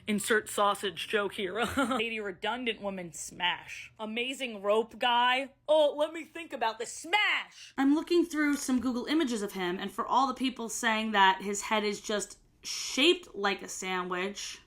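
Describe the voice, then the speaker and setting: A woman's voice: fairly high pitch, a bit bright. A woman in her twenties chatting casually and joking while she does cosplay makeup. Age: 20s. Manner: chatty, joking, quick asides. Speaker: cosplay vlogger.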